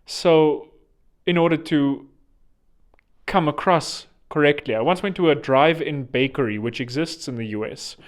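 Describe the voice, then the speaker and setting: Sarcastic South African man, slightly high voice. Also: unhurried. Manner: sarcastic, mocking asides; digressive, self-correcting. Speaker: online commentator. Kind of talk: rambling monologue.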